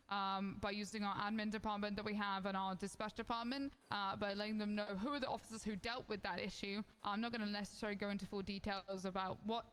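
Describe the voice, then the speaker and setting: A woman candidate giving earnest, steady debate answers, with frequent fillers. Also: mid-range voice, in a large hall, slight background noise.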